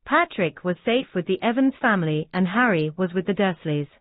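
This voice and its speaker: Casting: woman narrator, mid-pitched, steady, tinny and dry. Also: fairly quick, no echo. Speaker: audiobook narrator. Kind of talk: scripted narration. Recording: dry, tinny phone-like sound.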